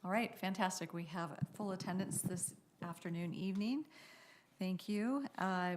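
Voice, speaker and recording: A woman chairing a city council meeting, chatty and apologetic, correcting herself as she goes, speaking into a rostrum microphone. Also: lowish voice. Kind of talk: meeting chair's casual introductions.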